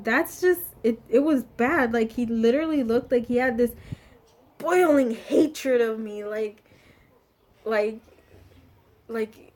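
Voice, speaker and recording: Animated woman telling a storytime. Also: high-pitched. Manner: animated, swings between hushed and loud exclamations. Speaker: vlogger. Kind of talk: casual storytime vlog.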